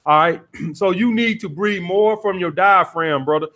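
A man's voice: sits high, normal speed, fairly bright tone. A man coaching callers on dating, lecturing bluntly and cursing freely. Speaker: dating coach taking calls. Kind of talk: call-in advice show.

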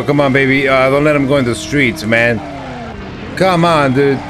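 A man streaming a retro driving game, excitably talking to the game and getting frustrated as he plays. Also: mid-range voice, normal speed. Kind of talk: live gameplay commentary. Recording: noisy with game car sounds.

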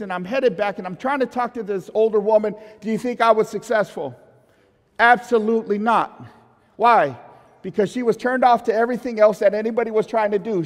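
A male pastor with a high voice tells a story from the pulpit and throws rhetorical questions at the congregation. His voice carries with long reverb through the church hall. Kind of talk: sermon with storytelling.

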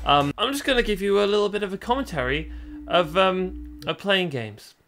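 Sarcastic British young man, lively voice. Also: high-pitched, moderate pace, over loud music. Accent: British English. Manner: sarcastic, swearing, exasperated. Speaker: YouTuber. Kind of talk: casual tech review vlog. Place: home, in front of a TV.

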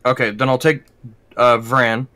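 Man, tabletop player, bright forceful tone, dry close sound, hesitant with trailing sentences. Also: medium pitch, flat delivery, measured pace, no echo. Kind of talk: casual tabletop game chat.

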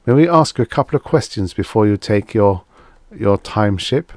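A man voicing an anxious officer who speaks haltingly, repeating words as he questions. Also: fairly low pitch, lively intonation, darkish tone, no room sound, clean studio sound. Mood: tense. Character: anxious male officer, urging calm.

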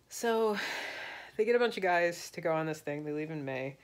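A woman's voice: low voice, expressive, normal speed. A tipsy woman telling a history story in a rambling, slangy, loose way. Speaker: vlogger.

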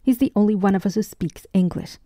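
A woman reading the lines of a blunt, hot-tempered male sea captain in an audiobook, in a gruff and brash manner. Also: medium pitch, brisk, mellow, no room sound, studio quality, natural voice.

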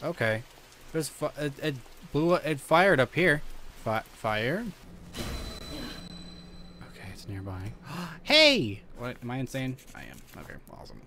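A male gaming streamer with a middling pitch that jumps all over as he reacts. He mutters to himself, curses and shouts back at a horror game, with a faint hiss of noise under his voice. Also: wildly swooping pitch, measured pace, creaky, pauses often. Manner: talks to himself, swears and yells at the game. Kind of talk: let's play commentary.

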